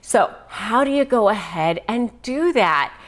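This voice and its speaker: A middle-aged woman hosting an advice video, talking straight to camera with animated emphasis. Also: fairly high pitch, unhurried. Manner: animated, emphatic, acts out quoted phrases. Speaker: host, negotiation advice presenter.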